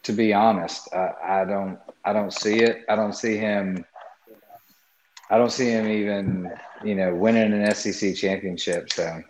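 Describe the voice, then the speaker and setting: A man's voice: on the low side, fairly even intonation, unhurried, slight background noise. A man giving blunt, skeptical opinions on a college football hire in casual sports talk. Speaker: sports podcast panelist. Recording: echoey muffled room mic.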